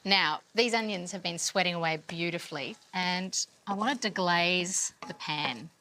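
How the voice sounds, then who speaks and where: A woman's voice: fairly low pitch, unhurried, sharp tone, poor audio. A woman hosting a cooking show, walking through each cooking step while asking her guest questions.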